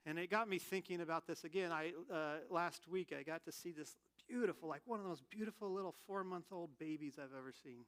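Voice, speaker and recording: A man preaching a sermon in a candid, animated, conversational way, telling personal stories. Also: a little high, a little fast, hardly any pauses. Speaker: pastor.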